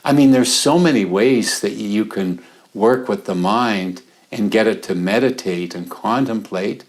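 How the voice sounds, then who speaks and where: Slow, calm man musing aloud. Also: fairly low pitch. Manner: calm and unhurried, acts out an inner dialogue, halting repeats. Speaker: speaker on mindset. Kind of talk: reflective talk.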